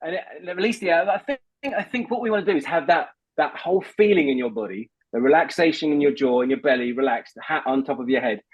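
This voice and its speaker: A man's voice: on the high side, fast talker, hardly any pauses, breathy edge, dull audio. A man working as a voice coach, patiently talking a guest through voice exercises over a video call. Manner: patient, instructive, repeats words when starting.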